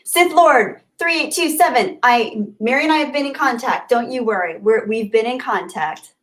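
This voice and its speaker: This livestream host has a voice on the high side and talks at a moderate pace. Casually reading the chat, she welcomes viewers with gushing, friendly gratitude, staying warm and chatty and laughing frequently.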